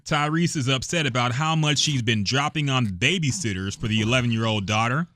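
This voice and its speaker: A man co-hosting a casual sports podcast, relaxed as he reads out a gossip story. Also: mid-range voice, brisk, no echo. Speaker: podcast co-host.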